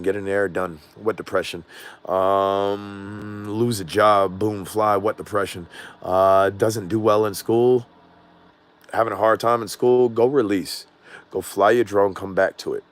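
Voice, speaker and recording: A middle-aged man with a Southern US accent, hosting a casual drone livestream in a loose, rambling way with frequent laughs. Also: on the low side. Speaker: drone channel host.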